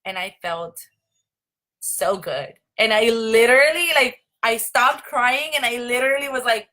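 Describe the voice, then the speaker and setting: A woman's voice: a little high, expressive, unhurried, sharp tone. A young woman hosting a casual live stream, chatty and full of "like" and "um". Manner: chatty, many fillers like "like" and "um". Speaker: host.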